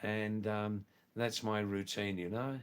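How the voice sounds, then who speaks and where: An older man, hosting a live stream and chatting with viewers in a relaxed, unhurried way. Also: lowish voice, smooth. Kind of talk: casual live-stream chat reading viewer comments.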